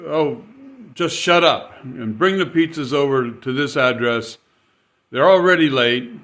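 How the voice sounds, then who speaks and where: A man's voice: big pitch swings, takes it slowly, vocal fry, a bit bright, heavily acted. A man voicing an angry, impatient woman customer who scolds a delivery driver in a story he tells. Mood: scolding. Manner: shrill scolding.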